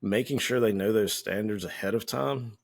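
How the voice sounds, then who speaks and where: A man co-hosting a podcast, casually telling a firehouse story in a relaxed, anecdotal way and acting out the lines of the people in it. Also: lowish voice, normal speed, vocal fry. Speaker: podcast co-host; firefighter.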